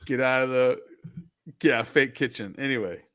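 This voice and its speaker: A man's voice: mid-range voice, moderate pace, fairly bright tone, dry recording, studio quality. A man co-hosting a podcast, reading a gamebook and trading laughing banter. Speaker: podcast co-host. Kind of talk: casual chat with story reading.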